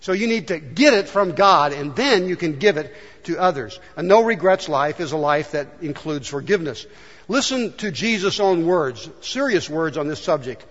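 A man's voice: on the high side, animated, normal speed, fairly bright tone. A man preaching a sermon as pastor, earnest and acting out the voices in the stories he tells. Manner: earnest, acts out quoted voices in storytelling. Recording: dull echoey church hall.

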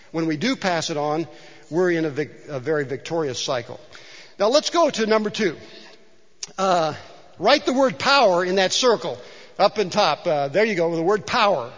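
High-voiced middle-aged pastor preaching. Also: male voice, a bit bright. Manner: conversational, joking, with frequent restarts. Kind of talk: sermon. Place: church sanctuary. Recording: dull sound in a large reverberant hall.

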